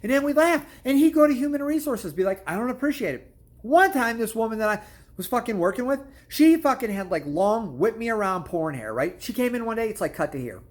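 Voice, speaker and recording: A man's voice: extremely high pitch, lively intonation, brisk. A man hosting his own channel, telling stories in a blunt, crude comedic rant and swearing constantly. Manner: storytelling with repeated "I'm like" asides. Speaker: channel host. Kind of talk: profane comedic rant to camera.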